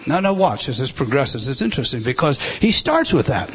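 A man's voice: medium pitch, sing-song, a little fast, few pauses, a bit bright, husky. A middle-aged man preaching a sermon, emphatic, with rhetorical questions. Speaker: pastor.

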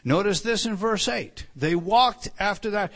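A man preaching a sermon, teaching through a text with frequent restarts and repeated words, building to loud emphatic lines and dropping to soft asides. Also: high-pitched, measured pace. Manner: animated teaching, many restarts and stammered repeats.

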